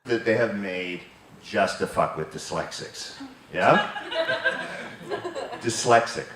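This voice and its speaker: Slow, giggling male comic, echoey and noisy. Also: fairly low pitch, very animated, over a noisy crowd. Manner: self-deprecating, giggling at his own jokes. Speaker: guest comedian. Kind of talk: stand-up routine.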